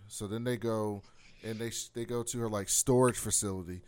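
A man's voice: fairly low pitch, fairly even intonation, fairly quick, a little mellow. A man co-hosting a casual TV recap chat, often laughing and acting out characters' lines. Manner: laughing, acts out quotes. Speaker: podcast co-host.

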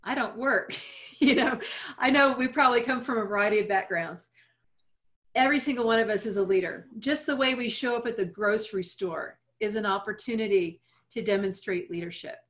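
A woman's voice: mid-range voice, brisk, fairly bright tone. A woman in her forties, a guest in an interview, talking earnestly and reflectively with light laughs. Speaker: guest speaker. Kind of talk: interview conversation.

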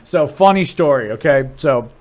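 A comedian from Ohio talks shop on a podcast in a somewhat high male voice. He restarts sentences, curses freely, and launches into animated stories, jumping up in pitch and volume as he acts out the people in them. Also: moderate pace. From Dublin, Ohio, USA. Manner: animated storyteller, voice jumps high and loud when acting out people; swearing, restarts. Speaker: comedian guest. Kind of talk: casual podcast chat.

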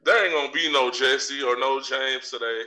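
A man's voice: mid-range voice, normal speed, sharp tone. A man hosting a podcast, delivering a brash, profane, swaggering comedic rant. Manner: swaggering and profane, trash-talking. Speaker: podcast host. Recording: distant mic with faint crowd noise.

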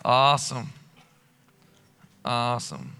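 A man's voice: mid-range voice, big pitch swings, slow, sharp tone, clean tone, faint music behind. A man preaching a live church sermon as lead pastor, talking casually and with energy, full of fillers and restarts, in a large church auditorium. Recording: long hall reverb.

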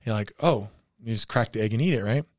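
A man's voice: fairly low pitch, fast, a little mellow. A man telling a long personal story in casual chat, laughing often.

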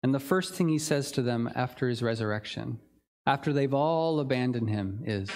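This pastor's sermon comes at normal speed, with a slightly mellow sound and a bit of background noise. His middle-range voice stays earnest and reflective, and now and then he uses a filler or starts a phrase over.

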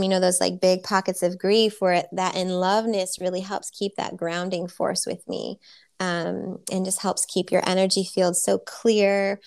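Smooth-voiced woman, dreamy healer. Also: medium pitch. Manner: soft, dreamy, gushing, many fillers. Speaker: spiritual healer guest. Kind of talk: casual interview talk.

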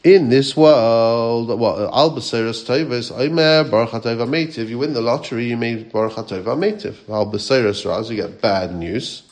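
A man's voice: mid-range voice, normal speed, few pauses. A rabbi giving a Torah class, asking his listeners questions and quoting Hebrew and Aramaic texts.

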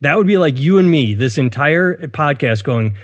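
A man's voice: on the high side, animated, moderate pace, dull audio. A man in his thirties co-hosting a podcast in casual chat, blunt and opinionated. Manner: blunt, opinionated, mimics others in silly voices. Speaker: podcast co-host.

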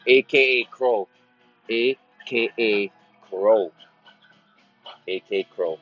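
Low-voiced man rambling on a lo-fi podcast. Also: slow, a bit bright, faint music behind. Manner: meandering, repeats phrases, slips into silly greeter voices. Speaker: podcast host. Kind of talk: rambling casual monologue.

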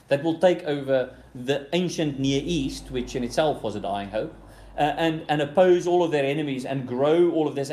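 A man preaching a sermon, swinging between loud emphatic bursts and quiet, low passages, repeating key phrases for emphasis. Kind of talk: expository sermon. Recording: roomy hall echo.

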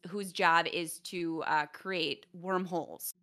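A young adult woman chatting casually on a stream, lively and quick to laugh. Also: lowish voice.

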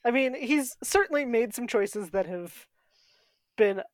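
A woman's voice: fairly high pitch, animated, measured pace, no room sound. A woman co-hosting a podcast, chatting casually and thoughtfully about a TV show, laughing often. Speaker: podcast co-host. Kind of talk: casual chat.

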